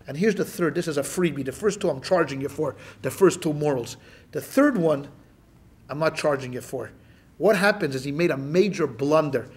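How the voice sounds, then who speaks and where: A rabbi lectures a class in an animated, joking storytelling manner. His voice sits fairly high for a man and has a husky edge. He talks straight to the room as he teaches. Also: normal speed.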